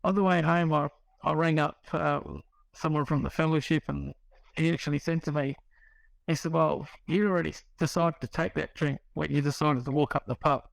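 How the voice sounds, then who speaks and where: A man's voice: a little high, fairly even intonation, moderate pace, vocal fry, dry recording, low-quality recording. A middle-aged man, casually telling his recovery story in a rambling way, with restarts and quoted dialogue. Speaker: guest sharing recovery story.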